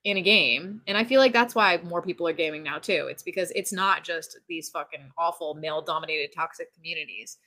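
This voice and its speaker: A woman in casual podcast chat, talking in an animated rant and saying "like" constantly. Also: fairly low pitch, a little fast, few pauses. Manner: animated ranting, heavy use of "like".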